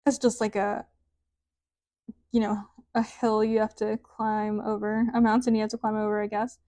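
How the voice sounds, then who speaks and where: A woman's voice: mid-range voice, little pitch movement, normal speed, warm tone, no echo, studio quality. A woman giving a casual tarot card reading, chatty and rambling, with sing-song sentence endings. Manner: chatty, rambling, says "like" often. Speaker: tarot reader.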